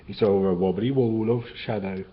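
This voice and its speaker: A man reading children's picture books aloud in a gentle, sing-song storytelling way, on a dull, lightly hissing recording. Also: lowish voice, fairly even intonation, moderate pace.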